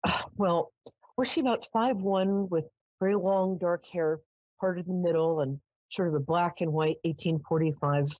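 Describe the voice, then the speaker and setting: A woman's voice: on the low side, moderate pace, darkish tone, dry recording, muffled recording, natural voice. A woman voicing her serious, intellectual mother, who sounds clipped and matter-of-fact. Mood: dismissive.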